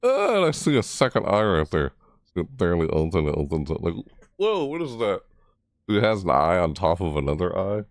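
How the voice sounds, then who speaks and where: A young man giving live reaction commentary, rambling and excitable, often breaking into laughter. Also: deep voice, fairly quick, no echo, studio quality. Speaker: reaction streamer.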